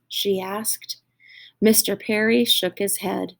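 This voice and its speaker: Slow, expressive woman reading a children's story. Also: mid-range voice. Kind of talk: children's story read-aloud.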